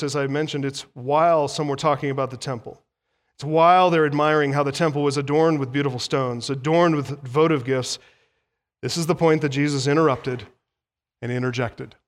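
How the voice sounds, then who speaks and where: A man preaching a sermon as pastor, emphatic and teacherly, building to animated peaks as he explains the text. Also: a little high. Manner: teacherly, explains Greek words. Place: church sanctuary.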